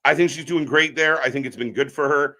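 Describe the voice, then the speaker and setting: A man with a bright, forceful voice gives casual live wrestling commentary on a stream. He chats with viewers and breaks into loud reactions at big moments. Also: a little high, fairly quick. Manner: chatty, reacts loudly to the action.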